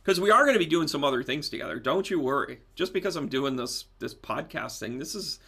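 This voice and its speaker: A man who works as a spiritual medium and astrology teacher hosts a casual live stream, chatting animatedly with viewers and bursting into loud laughter. His voice is a little high, creaky, and husky, and he speaks briskly and expressively.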